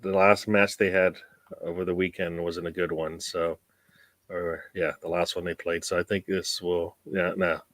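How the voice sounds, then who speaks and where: This man has a low voice and talks casually on a football panel. He gets animated and loud when he calls his picks. The recording is dry and close. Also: moderate pace, dry recording. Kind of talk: casual chat among football fans.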